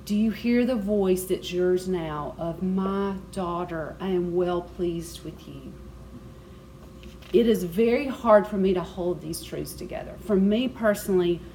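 A woman leads a Bible study, speaking at a middle pitch. She teaches in an easy, conversational way, mixing scripture with frank personal asides. Faint ambient noise sits under her voice in the meeting room. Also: a little mellow, poor audio.

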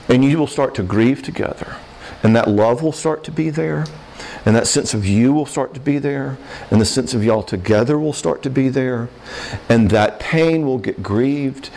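A man's voice: medium pitch, darkish tone, slight background noise. A man giving an earnest, conversational sermon-style talk on forgiveness, emotional at times, checking in with listeners as he goes. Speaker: Christian speaker on marriage and forgiveness.

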